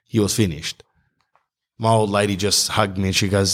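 Young Aussie comic storyteller, lowish voice, acts out each character. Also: male voice, moderate pace. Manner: animated, acts out characters in dialogue. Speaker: comedian.

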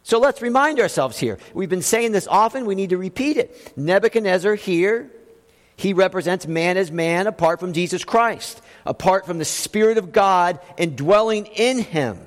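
A male pastor preaches with force, throwing rhetorical questions at his congregation. His voice sits high for a man. The sound carries the long reverb of a church hall. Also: lively intonation, normal speed. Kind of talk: sermon.

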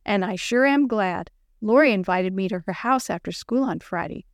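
A woman voicing an eager young schoolgirl in a children's story, a little higher and bright. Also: animated, moderate pace, no room sound, studio quality, close to an everyday voice.

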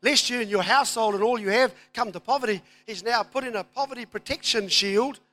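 A man preaching a sermon, moving from quiet asides to loud, emphatic declarations. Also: extremely high pitch, fairly quick. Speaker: pastor.

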